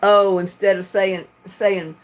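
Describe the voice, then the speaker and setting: A woman's voice: mid-range voice, flat delivery, slow. A woman from North Carolina with a Southern drawl, chatting casually and laughing often as she reads comments on her livestream from home. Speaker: livestream host reading chat. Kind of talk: casual live chat. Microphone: computer webcam mic.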